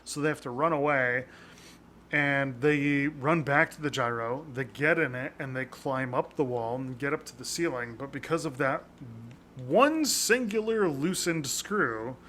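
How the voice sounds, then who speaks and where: A man's voice: mid-range voice, measured pace, pushed and bright, a little hiss or hum. A man co-hosting a casual podcast, rambling with lots of fillers and frequent laughter. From North America. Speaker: podcast co-host.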